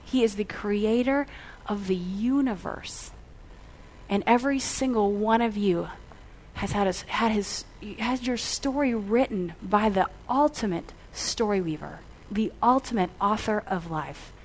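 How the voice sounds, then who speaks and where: A woman's voice: on the high side, unhurried. A middle-aged woman preaching to a gathering, weaving a long anecdote into her message. She brings the story to life by playing out the back-and-forth of the conversations, then settles into earnest exhortation. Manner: animated storyteller, acts out dialogue. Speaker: speaker. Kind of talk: storytelling sermon.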